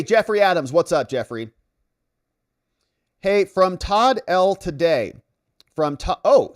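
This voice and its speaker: Guy hosting a livestream, reading chat and reacting, voice jumps up and down a lot. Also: medium pitch. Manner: reads viewer comments aloud and reacts. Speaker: livestream host.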